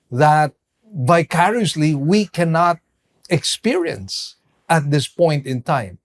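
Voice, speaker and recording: Male pastor, sermon delivery, slightly high pitch, slow deliberate pacing with emphatic pauses.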